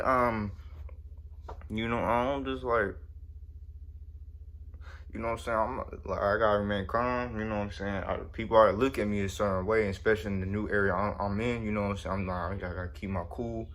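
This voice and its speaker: A man's voice: lowish voice, steady tone, a little fast, fairly bright tone. Laid-back young man telling a story. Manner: slangy, laid-back, repeats "you know what I'm saying". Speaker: storyteller vlogger. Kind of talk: casual storytime.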